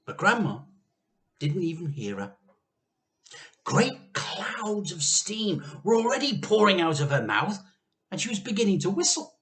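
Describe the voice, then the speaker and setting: A male teacher reading a children's book aloud in an expressive storytelling manner. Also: high-pitched, a little slow.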